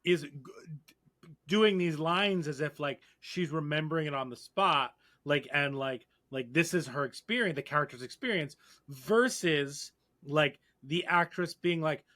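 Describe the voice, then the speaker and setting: A man's voice: on the high side, a little slow, pushed and bright. A man on a podcast panel, analytical and hesitant, with many fillers and restarts. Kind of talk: casual chat.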